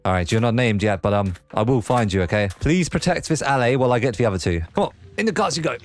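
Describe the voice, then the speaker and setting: A man's voice: medium pitch, expressive, fast talker, faint music behind. A young man hosting a casual let's play, chatting as he builds and talking fondly to the creatures in his game. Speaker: gaming video host.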